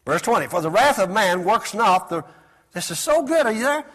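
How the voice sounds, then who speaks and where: A man with a high-sitting, very animated voice preaches at a moderate pace. His sermon runs on call and response, with the congregation echoing him, and he swings between loud exclamations and soft asides.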